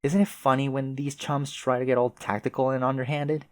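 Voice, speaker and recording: A man's voice: mid-range voice, little pitch movement, brisk, darkish tone, voice pushed up, natural voice. Man doing a sarcastic scheming girl troll. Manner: sarcastic and taunting. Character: snooty haughty female teen troll schemer.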